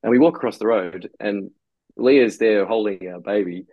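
A man tells a loose, rambling story on a casual podcast, swearing as he goes. His voice is low and gravelly, with a husky edge. He sits close to the mic in a dry room. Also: moderate pace, dry recording, narrow, tinny audio. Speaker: brewery co-founder guest.

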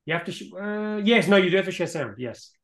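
A man's voice: high-pitched, lively intonation, fast talker. A young man hosting a podcast, chatting casually and teasing his co-host with some swearing. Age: young adult. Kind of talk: casual chat.

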